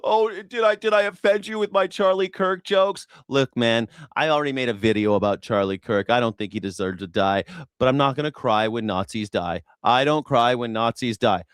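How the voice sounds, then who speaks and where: A man hosting a livestream, delivering a heated commentary rant in profane, repetitive tirades that rise into shouting. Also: mid-range voice, fairly quick, clear, resonant tone, dry recording, clean studio sound. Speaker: livestream host.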